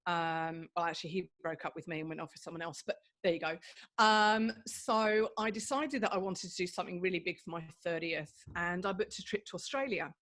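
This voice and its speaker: A woman's voice: on the low side, fairly even intonation, fairly quick, a bit bright. A middle-aged woman with an English accent, a guest on a podcast, chatting in a bubbly, self-mocking way. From England. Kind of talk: casual chat.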